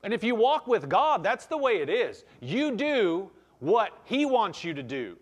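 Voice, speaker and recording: Male pastor, high and animated, conversational sermon with scripture reading. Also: unhurried, breathy edge. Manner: explains verses aloud, frequent restarts. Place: church.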